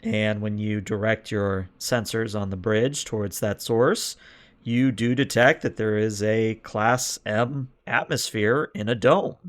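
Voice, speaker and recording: A man's voice: lowish voice, steady tone, takes it slowly. Man running a tabletop game. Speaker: game master.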